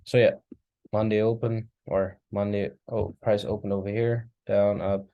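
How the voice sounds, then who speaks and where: A man's voice: lowish voice, little pitch movement, measured pace, vocal fry, dry recording, highs cut off. A man casually talking through a trading chart recap, thinking aloud and yawning now and then, recorded at a desk mic. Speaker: forex trader reviewing charts. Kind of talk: casual screen-share market recap.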